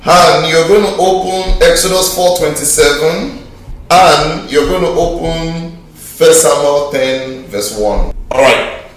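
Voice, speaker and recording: A man's voice: fairly high pitch, takes it slowly, recorded from a distance, faint music behind. A man leading a Bible study class, teasing and emphatic, asking the group questions. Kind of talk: interactive Bible class teaching. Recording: very echoey hall, mic from afar.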